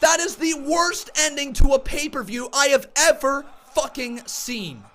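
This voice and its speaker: Furious high-voiced man shouting a rant. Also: a little slow. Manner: furious ranting, shouting and swearing; repeats words in angry bursts. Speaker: wrestling reaction streamer. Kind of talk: live reaction rant.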